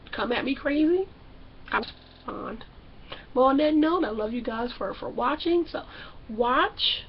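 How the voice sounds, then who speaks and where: A young woman vlogger recapping a reality show in a loud, sassy, animated way, acting out the people she talks about. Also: high voice, highs cut off, a little hiss or hum. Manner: loud, sassy, acts out characters. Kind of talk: animated casual recap with acted-out quotes.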